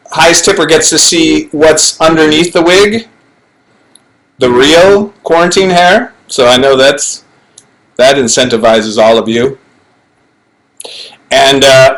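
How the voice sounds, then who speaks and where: A middle-aged actor chatting alone to a webcam during a fan Q&A, playful and rambling with self-mocking asides, recorded on low-quality livestream audio. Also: male voice, unhurried, pauses often, a bit bright. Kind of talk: casual chat to webcam. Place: home, alone in front of a camera.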